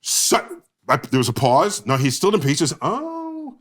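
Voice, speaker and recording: A man in his sixties, a guest, telling anecdotes in lively casual chat and acting out what others said. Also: mid-range voice, moderate pace. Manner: lively anecdote telling, acts out quoted lines. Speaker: guest, astrophysicist. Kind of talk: animated storytelling in casual chat.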